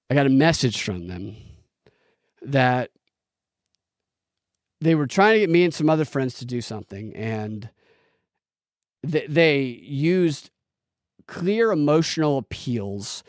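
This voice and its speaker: A man's voice: mid-range voice, animated, unhurried, long pauses, no room sound, studio quality. A man hosting a live political podcast, ranting in a heated, profane, rambling way with restarts and laughs. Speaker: podcast host. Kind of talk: live-streamed political commentary rant.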